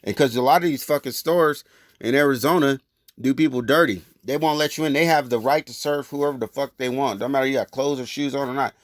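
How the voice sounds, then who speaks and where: A vlogger tells a casual personal story in loose, rambling street talk laced with cursing, speaking briskly at an ordinary middle pitch. The recording is dry and close, with no room echo.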